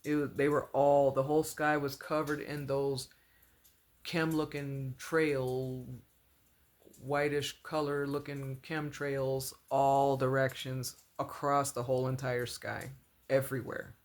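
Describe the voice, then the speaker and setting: A woman's voice: a bass voice, level tone, slow. Woman vlogger recounting a dream, casual and rambling, heavy on fillers, earnest and religious. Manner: rambling, full of "like" and "you know", repeats phrases. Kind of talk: casual storytelling.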